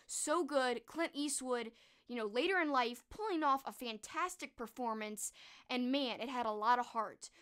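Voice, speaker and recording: A woman's voice: a little high, normal speed, a bit bright, clear, resonant tone. A young woman with a slightly raised voice talks casually into a desk mic during a live stream. She is chatty and enthusiastic, gushes over what she loves and often restarts her sentences. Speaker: streamer and horror book host.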